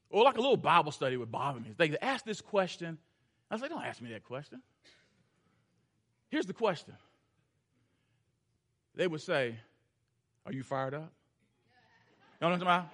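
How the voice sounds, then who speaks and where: A man preaching a sermon, telling a story and shifting between loud urgency and hushed, intense passages. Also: a little high. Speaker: pastor.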